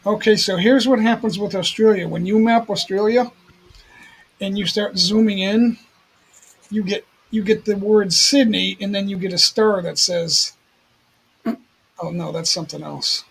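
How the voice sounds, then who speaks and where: A man's voice: high voice, fairly even intonation, a little slow, vocal fry, husky, poor audio. A man hosting a livestream in casual chat, rambling and repeating himself. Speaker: livestream host.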